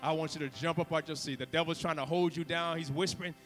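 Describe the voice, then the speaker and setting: A man preaching a fervent altar call as a guest preacher, swinging between loud exhortation and hushed asides. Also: on the high side, steady tone, fast talker, few pauses. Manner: fervent, preaching with sudden whispers and shouts. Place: church sanctuary. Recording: reverberant church hall with music.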